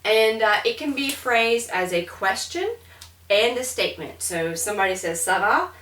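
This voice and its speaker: A woman's voice: a little high, expressive, normal speed, fairly bright tone, far from the mic. Woman teaching French in an echoey room. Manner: chatty, repeats words to model pronunciation. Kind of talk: classroom lecture.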